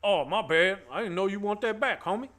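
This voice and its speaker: A man's voice: high-pitched, fairly quick, fairly bright tone, voice pushed up. A man doing a playful impression of two young men from a comedy film who bicker in exaggerated street slang.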